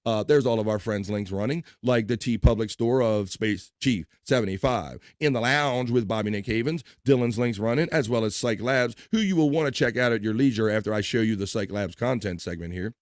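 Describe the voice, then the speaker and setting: A man's voice: lowish voice, brisk, hardly any pauses, dry recording. A man hosting a casual livestream, reading out chat messages and joking around loosely. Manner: reads chat messages aloud in bursts of voices, laughs and jokes loosely. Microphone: desk microphone.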